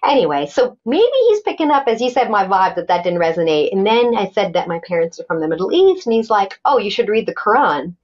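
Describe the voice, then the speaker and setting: A middle-aged woman recounts her own story on a podcast, slipping into the voices of the people she quotes and restarting her sentences often. Her pitch sits in the middle of the range, and the recording sounds a little dull and lo-fi. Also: a little fast, hardly any pauses. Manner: animated, acts out quoted dialogue, many restarts. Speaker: podcast guest. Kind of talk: personal storytelling in an interview.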